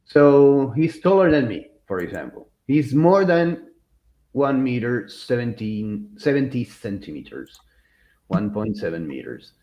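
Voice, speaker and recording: A man co-hosting a podcast, chatting casually in an animated, rambling way, often restarting his sentences and laughing. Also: medium pitch, a little slow, dull audio. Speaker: podcast co-host. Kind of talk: casual chat.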